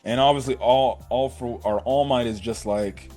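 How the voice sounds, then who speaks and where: Excitable young man reviewing anime. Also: medium pitch, moderate pace, soft background music. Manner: excited fan talk, many fillers and "bro". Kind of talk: casual episode review.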